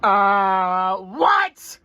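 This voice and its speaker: A woman's voice: medium pitch, sing-song, extremely slow, sharp tone, lo-fi sound, heavily acted. A woman voicing a shrieky, childish comedy character who whines and panics about snacks and gadgets. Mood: frantic whiny. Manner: screeching, whiny, panicky outbursts.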